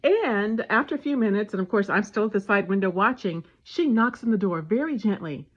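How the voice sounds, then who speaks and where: A woman casually telling a family story and giving parenting advice, animated and acting out the dialogue. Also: medium pitch, fairly quick. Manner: animated retelling with voiced dialogue. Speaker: parenting vlogger. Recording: dull lo-fi sound.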